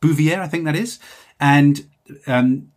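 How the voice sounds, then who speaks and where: Speaking slowly in a fairly high voice, this man hosts a podcast where he reads out messages from listeners. His manner is casual and rambling, full of self-corrections.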